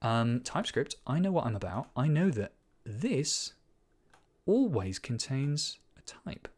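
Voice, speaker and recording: A man works through a programming task out loud, half talking to himself as he reads out code. He corrects himself often and stops now and then to explain a point like a teacher. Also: mid-range voice, big pitch swings, slightly rough. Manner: thinking aloud, muttering code as he types; quick self-corrections and asides. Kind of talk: live-coding commentary.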